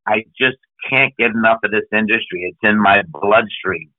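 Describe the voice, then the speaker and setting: A man's voice: on the low side, moderate pace, no room sound. A man from New England, a podcast guest, talking enthusiastically in a storytelling way with lists of topics. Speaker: podcast guest, business speaker. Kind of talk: conversational interview. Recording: phone-like narrow band.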